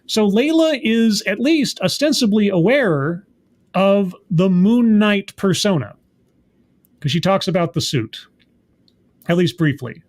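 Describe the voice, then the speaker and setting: Brief: male reviewer with a fairly high voice, casual recap, hesitant and thinking aloud. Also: animated, slow pace. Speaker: show reviewer.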